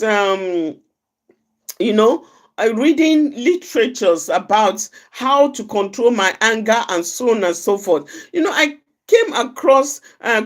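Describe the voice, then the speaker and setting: A woman with a high voice that swings up and down gives an informal, encouraging talk on calming anger. She circles back over each point, restating it and peppering her sentences with "you know". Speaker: outreach speaker on anger management.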